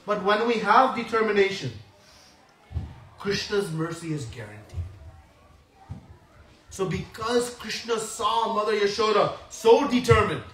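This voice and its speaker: A man preaching a devotional storytelling lecture in an animated way, acting out voices and laughing often, heard from a distance in an echoey room. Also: sits high, a little hiss or hum.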